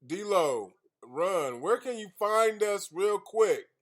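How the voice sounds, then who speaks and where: A man's voice: sits high, lively intonation, slow. A man hosting an independent radio show over a video call, chatting loosely with lots of fillers and restarts. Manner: rambling, loose and joking, with many fillers and restarts.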